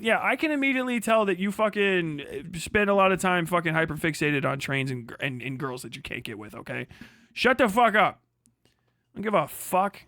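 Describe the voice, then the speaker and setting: A man's voice: high-pitched, animated, moderate pace, pushed and bright, no echo, studio quality. A man hosting a livestream, ranting casually, swearing a lot and laughing as he mocks his critics. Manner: profane, mocking, laughing often, puts on prissy voices to mock critics. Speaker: livestream host.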